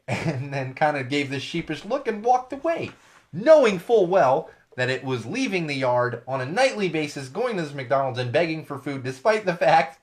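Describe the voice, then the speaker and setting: Chatty podcast host losing his voice. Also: medium pitch. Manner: rambling, chatty, self-correcting asides. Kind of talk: casual solo podcast talk. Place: studio.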